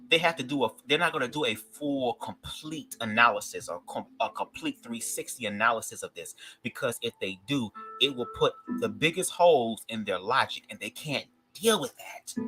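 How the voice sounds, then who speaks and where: A man's voice: mid-range voice, sharp tone, poor audio. A man from Detroit with a Detroit accent, giving opinionated commentary in a sassy, emphatic way and swearing freely. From Detroit, USA. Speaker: commentary vlogger.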